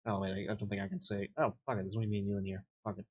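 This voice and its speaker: A man's voice: on the low side, fairly even intonation, racing, slightly rough, highs cut off. A man plays a jumpy thug cornered in a back alley. He swears freely and dodges every question, talking in nervous bursts. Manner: jittery, swearing, evasive.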